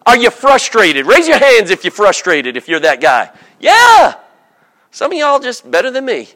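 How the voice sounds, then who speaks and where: High-voiced joking preacher. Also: male voice, sing-song, moderate pace, sharp tone. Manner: humorous, storytelling, acts out voices. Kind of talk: sermon. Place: church.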